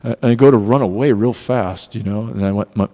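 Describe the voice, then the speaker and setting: A man giving a devotional class in a temple hall, telling personal stories in an earnest, animated way. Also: lowish voice, a little fast. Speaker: class speaker. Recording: long reverb of a hall.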